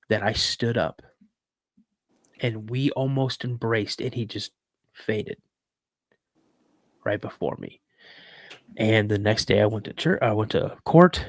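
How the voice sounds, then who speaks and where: A man telling an emotional personal story in an earnest, halting way, full of restarts as he fights back tears. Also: on the low side, no echo, clean studio sound.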